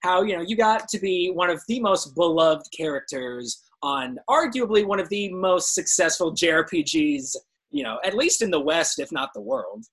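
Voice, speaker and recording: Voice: medium pitch, animated, normal speed, a bit bright, slightly rough. An interview host asking casual questions in an easygoing way, hedging with fillers.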